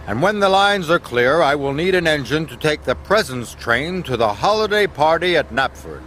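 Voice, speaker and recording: A man voicing a stern, booming male railway controller in a storybook reading. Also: lively intonation, moderate pace, a bit bright, a little hiss or hum. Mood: firm. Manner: booming, commanding.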